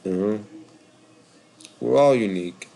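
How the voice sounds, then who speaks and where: A man's voice: lowish voice, a little slow, gravelly, warm tone. A tired man with a Boston accent hosting a live call-in show, rambling casually with lots of filler words.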